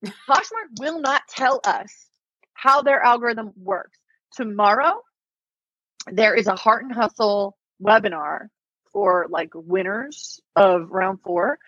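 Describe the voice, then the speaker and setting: Woman, podcast guest, casual storyteller, husky voice, dull lo-fi dry sound. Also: mid-range voice, takes it slowly, a bit bright, no room sound. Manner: chatty storyteller, peppered with "like" and "um". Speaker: podcast guest, online reseller. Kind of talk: casual interview chat.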